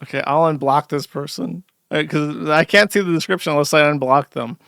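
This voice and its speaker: Gravelly, sardonic male streamer. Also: a little high, a little fast, a bit bright, no echo, clean studio sound. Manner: sardonic, rambling with restarts. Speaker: streamer host. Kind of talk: casual live-stream commentary.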